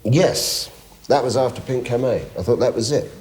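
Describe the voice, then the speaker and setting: A man's voice: medium pitch, moderate pace, a little hiss or hum. A middle-aged man, a guest singer telling anecdotes on a chat show, often laughing. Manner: lively storyteller, laughing often.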